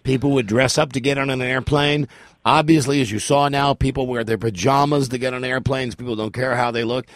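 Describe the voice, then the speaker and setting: A man's voice: medium pitch, fairly even intonation, brisk, dry recording. Brief: male radio host, casual storytelling banter, dry studio voice. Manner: storytelling, joking.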